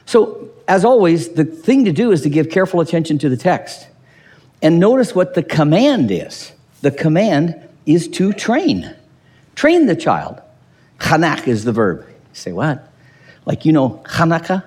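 A man preaching a sermon, animated and sarcastic, quoting and mocking ideas he disagrees with. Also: a little high, unhurried, husky. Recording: long reverb of a hall.

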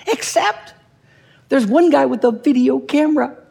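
A man's voice: very high voice, measured pace, gravelly, in a large hall. A man preaching a sermon in church, acting out quoted voices and asking his listeners questions. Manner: animated, acts out quoted voices, asks the audience questions. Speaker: pastor.

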